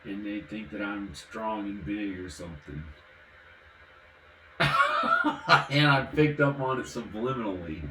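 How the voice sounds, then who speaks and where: A man's voice: on the low side, moderate pace, hardly any pauses, fairly bright tone, roomy sound, a little hiss or hum, poor audio. A man from the American South, vlogging casually while drinking, rambling and giggling from one topic to the next.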